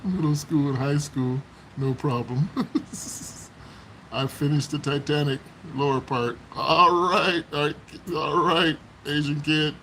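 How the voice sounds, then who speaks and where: A man's voice: on the high side, takes it slowly, sharp tone, slight background noise, poor audio. A man live-streaming from home on his phone, chatting with viewers and telling childhood stories, laughing often. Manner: laughs often while reminiscing. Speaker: livestream host chatting with viewers. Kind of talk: casual live-stream chat and storytelling.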